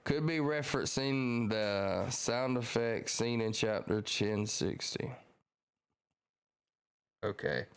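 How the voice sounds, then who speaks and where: Slow-talking man reacting to manga. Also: mid-range voice, clean tone. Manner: slow, drawn-out commentary. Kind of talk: reading manga aloud with reactions.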